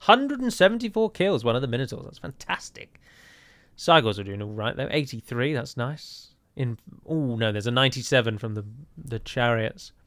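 A man's voice: medium pitch, animated, normal speed, a bit bright. A man with an English accent giving casual, wry, rambling commentary while playing a strategy game. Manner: chatty, wry, rambling asides. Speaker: gameplay commentator. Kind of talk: casual let's-play commentary.

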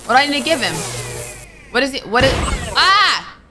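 Over game music and background noise, a young gaming streamer comments on her play, talking to herself and jumping with jittery exclamations. Her high-pitched voice is very animated, and she keeps a moderate pace.

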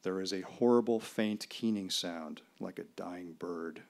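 Low-voiced man telling a dramatic story. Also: vocal fry, darkish tone. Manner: measured, dramatic delivery with pauses. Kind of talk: live personal storytelling performance. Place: small live venue.

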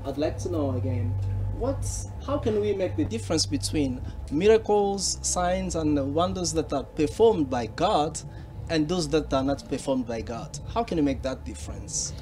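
A man hosting an English-language talk show, asking questions in a halting, formal way with frequent fillers. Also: a little high, expressive, dark tone. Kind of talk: interview hosting.

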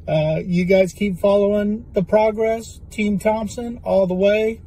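A man's voice: high-pitched, steady tone, measured pace, mellow, slightly rough, rough recording. A man, a golf caddie, giving a casual, effusive and emotional video message to fans.

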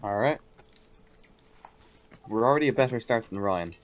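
A man's voice: lowish voice, lively intonation, normal speed, highs cut off. Joking, laid-back man at the gaming table. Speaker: player. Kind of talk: casual tabletop game chat.

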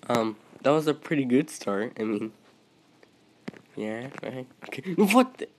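A man at a middle pitch giving gameplay commentary, swinging between yelps and mutters as he talks to the other players. His voice sits over a faint hiss of background noise. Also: animated, measured pace, rough recording. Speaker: gaming video creator.

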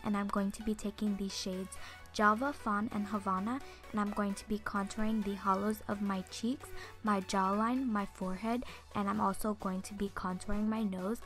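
A teenage girl vlogger in a casual makeup tutorial, chatty and rambling with lots of fillers, still in her morning voice. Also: medium pitch. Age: teens. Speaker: beauty vlogger.

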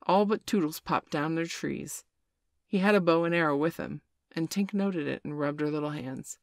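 A woman reading a classic children's storybook aloud, voicing the characters with a raised pitch. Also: normal speed, no echo, studio quality. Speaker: storybook reader.

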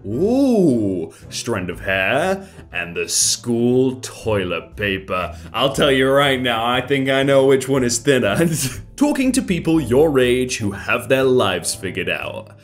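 A man's voice: mid-range voice, big pitch swings, takes it slowly, faint music behind. A man in his thirties doing casual meme commentary, reading captions aloud, then joking and laughing often. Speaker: meme reaction host.

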